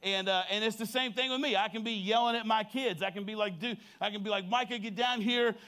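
A man's voice: high voice, fairly even intonation, quick pace, pushed and bright. A man preaching a sermon as pastor, moving from prayer to humorous stories to impassioned preaching.

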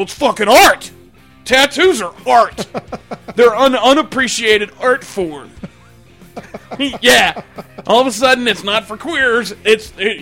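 A man's voice: high voice, sharp tone. A man hosting a podcast, telling a crude story in casual chat, laughing often and mimicking his family. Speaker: podcast host.

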